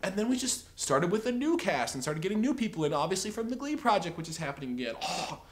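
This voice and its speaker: A man's voice: high-pitched, sing-song, quick pace. A man giving an opinionated, rambling TV review, exasperated and sarcastic, full of filler words. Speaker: TV episode reviewer.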